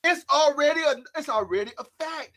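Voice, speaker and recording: A man preaching a sermon, shouting some lines and dropping others to a hush, calling out to listeners by name. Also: extremely high pitch, animated, a little fast. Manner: shouting emphatic lines, swinging between loud and hushed.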